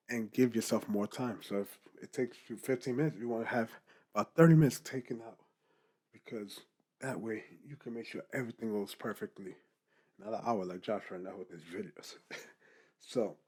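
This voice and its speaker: A young man, a podcaster, giving casual advice straight to the camera in a lively, animated way. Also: medium pitch. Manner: animated, talks straight to the viewer, keeps asking "guess what?".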